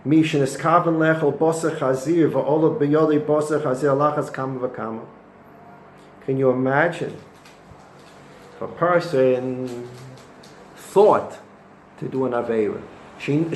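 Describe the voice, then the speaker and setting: A man, a rabbi, gives a weekly Torah lesson, telling the stories with animation and dropping Hebrew and Yiddish terms. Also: mid-range voice. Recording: echoey room with faint noise.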